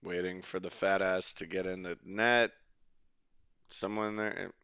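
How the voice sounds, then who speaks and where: A young man casually commentating his game as a streamer, rambling, excitable and swearing freely. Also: low voice, unhurried, gravelly, clear, resonant tone, dry recording.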